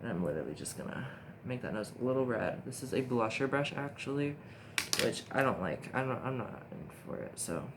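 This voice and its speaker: A young man filming a casual makeup tutorial on his phone, rambling, chatty and easily excited, often talking to himself. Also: mid-range voice, fairly quick. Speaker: makeup vlogger. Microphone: phone camera. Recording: steady background noise hiss.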